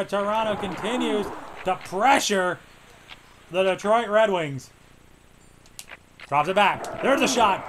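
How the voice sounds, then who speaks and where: A young man giving casual play-by-play commentary on a hockey video game, muttering between plays and yelling when the action heats up. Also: sits high, very animated, takes it slowly, long pauses, background noise. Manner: swings from muttering to shouting at big plays. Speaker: let's play host.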